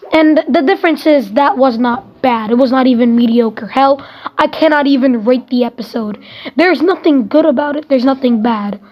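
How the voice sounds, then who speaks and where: A woman with a high voice reviewing a TV episode in a casual, ranting way. She sounds exasperated and emphatic and swears casually. The recording is dull and lo-fi.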